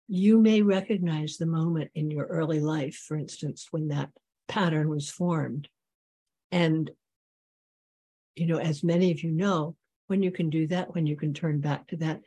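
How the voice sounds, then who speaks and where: A meditation teacher giving a dharma talk and guiding a meditation, speaking slowly and in measured phrases with long pauses. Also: mid-range voice, warm tone, breathy edge.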